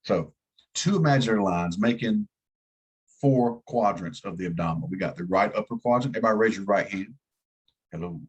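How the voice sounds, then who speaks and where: A man's voice: fairly low pitch, a little fast, husky, highs cut off. A man with a slight Southern US twang teaching an EMT class in a casual, folksy way, asking his students to follow along. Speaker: EMT instructor.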